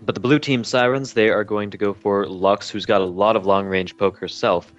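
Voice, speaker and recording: A man's voice: fairly low pitch, steady tone, moderate pace, highs cut off, faint music behind. A man casting a live esports match, often tripping over his words and restarting sentences. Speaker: esports caster.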